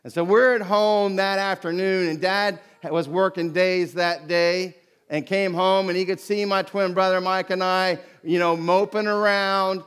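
High-pitched middle-aged guy preaching, tells stories and acts out the voices. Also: a little slow, clear, resonant tone. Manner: storytelling, animated, acts out quoted voices. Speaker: pastor. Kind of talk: sermon.

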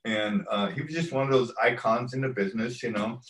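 A stunt coordinator on an interview recounts a long tale in an easygoing ramble, acting out what others said. He talks briskly in a medium pitch with a bit of brightness, and the poor audio has a roomy sound.

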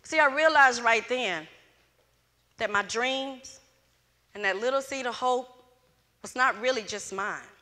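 A middle-aged woman gives a motivational talk at a fairly high pitch. Her voice is bright and forceful, and she tells her story with energy. The sound carries a long echo from the hall. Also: a little slow, pauses often. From Louisiana, USA. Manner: animated storyteller who acts out dialogue. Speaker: closing speaker at a student event. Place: event hall with student audience. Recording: echoey hall.

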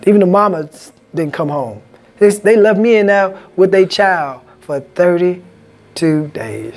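Lively-pitched pastor preaching a sermon. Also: male voice, measured pace, soft background music. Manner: call-and-response, asks congregation "Amen?". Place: church sanctuary.

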